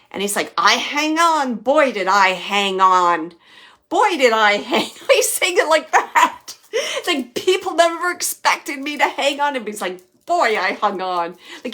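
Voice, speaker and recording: A woman hosting a live spirit-reading chat as a medium, chatty, often laughing, relaying quoted messages in a lively way and dropping to soft murmurs as she searches. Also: on the high side. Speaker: psychic medium host.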